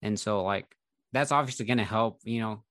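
A man with a low voice talks in an easygoing, chatty way, leaning on filler words. He is recorded close and dry, with no room sound around him. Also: normal speed, fairly bright tone, no echo. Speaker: investing YouTuber. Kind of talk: casual conversation between creators.

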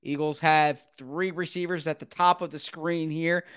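A man delivering play-by-play football commentary with a smooth, resonant voice pitched on the high side. He keeps a brisk running call going and surges upward whenever a big play breaks. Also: no echo, studio quality. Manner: brisk, rising sharply with excitement at big plays. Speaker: play-by-play announcer.

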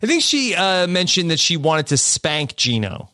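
Brief: podcast co-host, a man with a high, very lively voice, dry close sound, halting delivery. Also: dry recording. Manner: halting, restarts with many uh's, laughs easily. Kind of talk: casual podcast chat.

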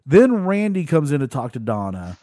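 A man's voice: a little high, sing-song, moderate pace, warm tone. A man in casual chat, rambling and laughing as he recaps a show with friends.

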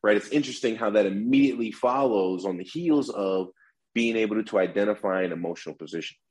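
A man's voice: fairly low pitch, fast, darkish tone, breathy edge, poor audio. A man who teaches negotiation, explaining his methods as an interview guest and often restarting with repeated words. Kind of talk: instructive interview talk.

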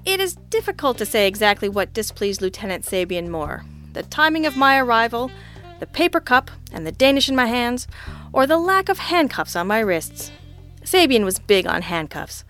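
A woman's voice: a little high, very animated, normal speed, a bit bright, faint music behind. A woman narrating a first-person hard-boiled detective story in a wry, sardonic, teasing manner. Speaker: audiobook narrator.

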